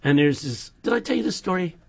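A man talking as a radio guest, telling stories in an animated, joking way and dropping to a hush for serious points. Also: high-pitched, quick pace, creaky, breathy edge. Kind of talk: casual chat and storytelling.

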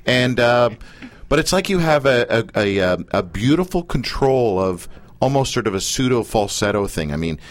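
A man's voice: medium pitch, expressive, normal speed. A man from Canada hosting a casual radio talk show, teasing and joking with his guest and rambling between thoughts.

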